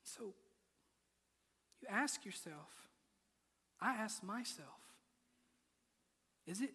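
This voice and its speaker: A man's voice: high voice, expressive, very slow, pushed and bright, breathy edge. A man preaching a sermon in a church, moving from playful asides to intense, rising appeals. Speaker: pastor. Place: church sanctuary. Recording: large hall with long reverb.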